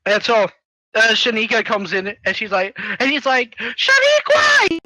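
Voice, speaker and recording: A young man casually recapping a movie plot with a friend, in a loose, jokey way full of "like" fillers and quick impressions. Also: high voice, pushed and bright, low-quality recording. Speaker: co-host summarizing a movie.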